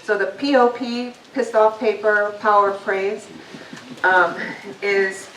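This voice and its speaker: A woman's voice: medium pitch, steady tone, takes it slowly, fairly bright tone. A woman giving a personal motivational talk to a live audience in a meeting hall, candid and conversational with frequent ums. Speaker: guest speaker. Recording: roomy, distant, faint noise.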